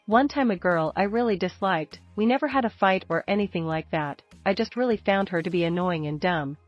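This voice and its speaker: A woman reading out story posts in a steady, even narration. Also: mid-range voice, fairly quick. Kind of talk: scripted narration of reader posts. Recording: dull lo-fi sound with faint music.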